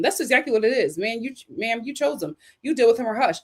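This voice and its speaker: Speaking unhurriedly in a higher register, the woman hosting this stream responds to viewer comments with bold, sassy views on relationships, often repeating her best lines.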